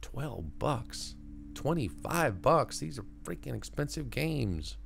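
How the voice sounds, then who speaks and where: A gamer streaming a playthrough talks to himself in casual let's-play commentary, muttering wry asides and reading the choices aloud. His mid-range voice is sing-song and fairly bright, with vocal fry, and he takes it slowly. Faint music plays behind him.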